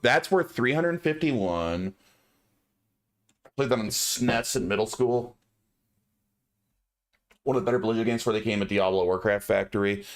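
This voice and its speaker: Male streamer, casual game commentary, chatty, low voice, faint music behind. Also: normal speed, pauses often. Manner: chatty, musing aloud to chat.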